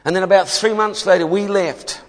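Emphatic New preacher in a reverberant hall. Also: male voice, high-pitched, fairly even intonation, normal speed. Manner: storytelling, emphatic, often laughing. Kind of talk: sermon testimony.

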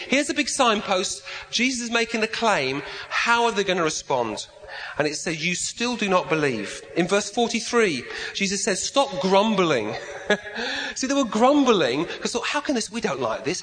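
High-pitched male preacher, sermon delivery, halting repeats, long hall reverb. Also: a bit bright. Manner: halting, repeats words when searching.

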